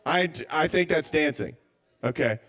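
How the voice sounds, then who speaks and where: A man works through a stand-up set at a small live open mic. His voice sits a little high, and he rambles, stammers and restarts as he second-guesses his own material. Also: measured pace, creaky, a bit bright, soft background music.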